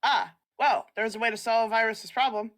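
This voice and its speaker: A woman's voice: fairly high pitch, fairly even intonation, a bit bright. Easygoing woman playing a tabletop game. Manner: easygoing, quick to laugh. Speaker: player. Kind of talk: casual tabletop role-play.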